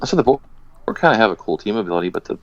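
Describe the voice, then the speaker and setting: A man co-hosting a podcast in casual chat about a game, chiming in with quick agreement. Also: lowish voice, very animated, no echo, highs cut off. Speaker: podcast co-host.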